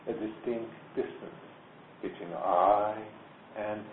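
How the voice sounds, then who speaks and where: A man leading a guided meditation as a teacher. He talks slowly and deliberately, repeats phrases, and leaves long pauses. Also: lowish voice, fairly even intonation, a little hiss or hum. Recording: tinny phone-like sound in an echoey room.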